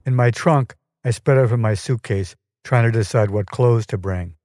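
A man narrating a scripted personal story for his podcast, measured and dryly wry. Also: mid-range voice, warm tone, slight background noise.

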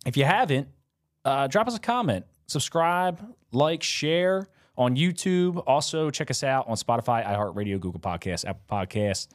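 Animated, rambling male podcast host. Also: mid-range voice, moderate pace, no room sound, clean studio sound. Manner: rambling, self-mocking, fillers and laughs. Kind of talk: casual chat.

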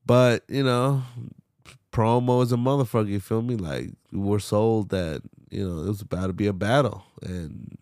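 A man's voice: on the low side, moderate pace, a little mellow, dry recording, clean studio sound. A young man hosting a solo podcast, talking loosely and profanely with lots of fillers and sighs. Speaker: podcast host. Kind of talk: casual solo podcast rambling.

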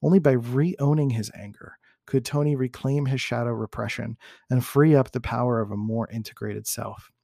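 A man reading a book passage aloud in a measured way, sometimes restarting words and adding comments of his own. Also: mid-range voice, steady tone, vocal fry, dark tone, no room sound, studio quality. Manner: measured, with occasional restarts and self-corrections.

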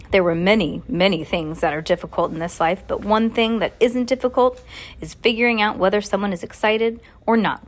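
A woman reading a children's novel aloud and breaking in with chatty, joking asides. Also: medium pitch. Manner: chatty, joking commentary between passages. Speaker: reader.

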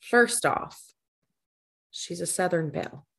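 A woman playing a tabletop game, talking quickly as she explains her character's moves. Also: on the low side, lively intonation, vocal fry, fairly bright tone, breathy edge. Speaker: player. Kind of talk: casual chat at a tabletop game.

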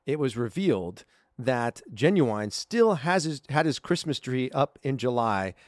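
A man's voice: mid-range voice, very animated, a little slow, no echo, studio quality. A man in his thirties co-hosting a holiday podcast in casual, upbeat chat. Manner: chatty and upbeat, with frequent fillers. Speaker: podcast co-host.

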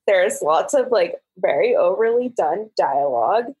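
A woman's voice: mid-range voice, lively intonation, unhurried, darkish tone, husky. A woman co-hosting a podcast, chatting casually and agreeing with enthusiasm. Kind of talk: casual chat.

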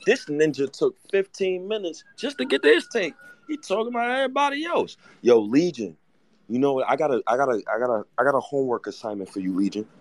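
Excitable teasing man, swinging pitch. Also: no echo. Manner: excitable, teasing, quick bursts. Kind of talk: heated sports chat.

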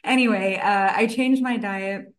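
A woman's voice: medium pitch, fairly even intonation, measured pace. A woman nutritionist, a guest on a podcast interview, telling her story in a chatty way with quoted asides. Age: adult, past college.

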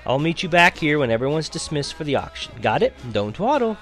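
A man's voice: fairly high pitch, very animated, brisk, a bit bright, soft background music, pitched above the performer's own voice. Fussy middle-aged woman played by a man, prim, fluttery, bossy, sing-song audiobook voice.

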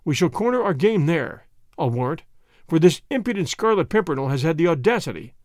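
A man's voice: a little high, big pitch swings, a little fast, a little mellow, no echo, studio quality. A man voicing a cold, menacing schemer. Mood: commanding. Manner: cold, commanding, roughly threatening. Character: stern, cunning, menacing male official.

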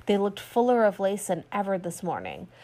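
A woman narrating a classic story aloud in a steady storytelling read, voicing quoted lines lightly. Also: medium pitch, moderate pace. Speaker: audiobook reader. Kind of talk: scripted narration.

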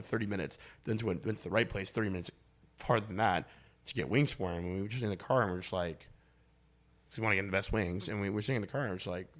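A young man chatting casually as a podcast guest, rambling and blunt, with lots of filler words and swearing. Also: lowish voice. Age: young adult.

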